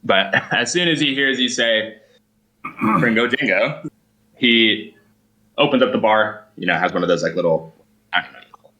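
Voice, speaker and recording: Casting: male game master, low bright voice, loose rambling narration. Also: normal speed, low-quality recording. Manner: rambling, hedging with fillers.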